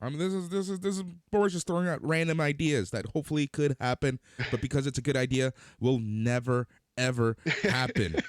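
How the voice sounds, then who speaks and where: A man's voice: mid-range voice, steady tone, a little fast, hardly any pauses, no room sound, clean studio sound. A man co-hosting a podcast, casually chatting about wrestling with teasing, sardonic jokes. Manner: sardonic, teasing, joking jabs. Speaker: podcast co-host. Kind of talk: casual wrestling review chat.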